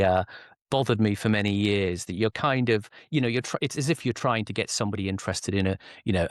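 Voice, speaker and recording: A man's voice: fairly low pitch, dry recording, clean studio sound. A man telling an anecdote in a casual podcast discussion, hesitant with fillers.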